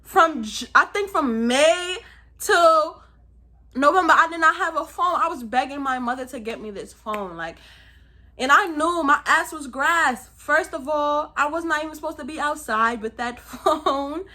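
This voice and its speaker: A young woman from Brooklyn with a New York accent, telling a story in a lively, slangy, casual vlog style. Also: high-pitched, a little slow. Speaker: vlogger.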